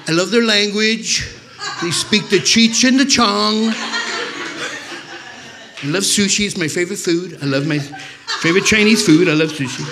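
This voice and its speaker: A man's voice: high voice, moderate pace, pauses often, noisy background, voice pushed up. A man doing an impression of a pompous, rambling male politician who brags in circles. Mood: boastful. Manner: pompous, repetitive bragging.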